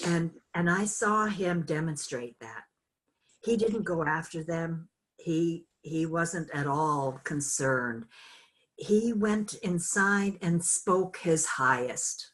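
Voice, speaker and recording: An older woman teaching an online course, telling a personal story in a slow, halting, reflective way with many fillers. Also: sits low, fairly bright tone. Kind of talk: personal storytelling in a group call.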